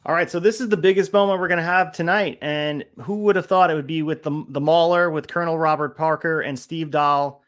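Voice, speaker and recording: A man on a casual podcast with a voice pitched a little above the usual. He works through his notes one point after another in an even, methodical way. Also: a little fast, few pauses. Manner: methodical, walks through notes on each segment. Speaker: podcast co-host.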